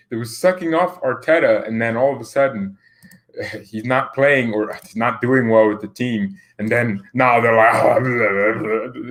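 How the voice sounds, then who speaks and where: A man's voice: medium pitch, a bit bright. A man hosting a football channel, chatting casually as he reads viewer comments, rambling and laughing often.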